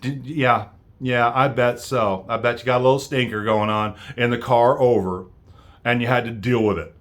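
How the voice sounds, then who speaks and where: A man's voice: medium pitch, fairly even intonation, normal speed, fairly bright tone. An American man delivering an angry political rant straight to his viewers, heated and full of stammering restarts. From United States. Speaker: vlogger.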